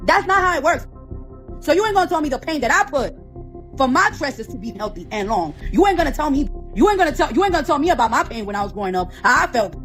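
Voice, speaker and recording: A woman's voice: sits high, big pitch swings, quick pace, faint music behind. A woman ranting off the cuff as the founder of a hair product, profane and confrontational, repeating phrases over and over. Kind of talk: heated off-the-cuff rant.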